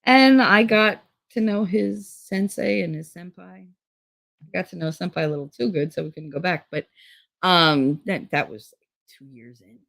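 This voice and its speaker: A woman's voice: lowish voice, measured pace, creaky, a bit bright, no echo. A middle-aged woman from Hoboken, telling stories in blunt, profane casual chat on her channel. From Hoboken, New Jersey. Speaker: channel host.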